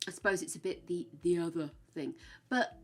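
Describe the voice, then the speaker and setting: A woman's voice: lowish voice, moderate pace. A woman chatting casually with her stream viewers, frank and chatty, swearing now and then. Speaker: game streamer.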